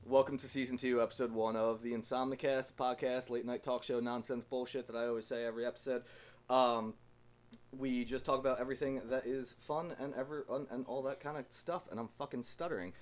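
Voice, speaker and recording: A man's voice: mid-range voice, steady tone, brisk. A man hosting a casual podcast, laughing often and tripping over his words. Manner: laughing, stammering, swearing. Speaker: podcast host.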